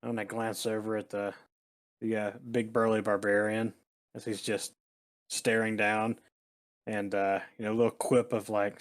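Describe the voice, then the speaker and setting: A man's voice: lowish voice, little pitch movement, moderate pace. Casual joking male tabletop player. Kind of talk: tabletop role-play, in character.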